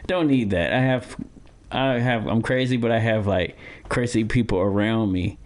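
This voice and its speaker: Give me a man with a low voice who rambles, repeating himself and restarting, as a podcast co-host. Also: steady tone, normal speed. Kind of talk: casual podcast chat and storytelling.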